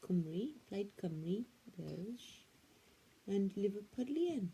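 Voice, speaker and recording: Woman, raspy voice, dark tone, deadpan, quibbling, repeats words, tablet camera. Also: mid-range voice, slow pace, low-quality recording. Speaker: comedy sketch performer. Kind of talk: improvised comedy bickering.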